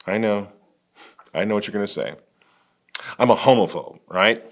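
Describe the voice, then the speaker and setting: A man's voice: on the low side, moderate pace, faint music behind. A man hosting a religious political commentary, talking emphatically with biting sarcasm and wry laughs. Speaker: host.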